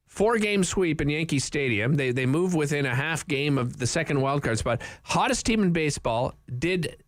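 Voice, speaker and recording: A man's voice: sits high, no room sound. A man hosting an open-line radio talk show, chatty and rambling, from Canada, with frequent restarts.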